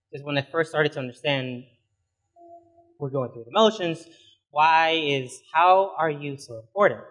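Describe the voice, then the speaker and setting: A young adult man preaching a sermon as a pastor, conversational and informal, often filling pauses with "you know". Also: on the high side, fairly bright tone.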